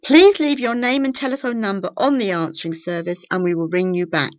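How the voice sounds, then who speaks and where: A woman reading local news and closing the programme as its editor, in a clear, measured way. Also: mid-range voice, dry recording. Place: small local studio. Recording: dry, slightly dull studio recording.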